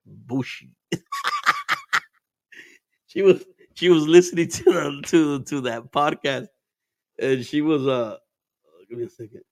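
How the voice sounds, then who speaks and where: A man's voice: a little high, steady tone, slow, long pauses, no room sound, clean studio sound. A man telling stories in casual chat as a podcast host, laid-back and profane, laughing often and mixing Spanish into his English.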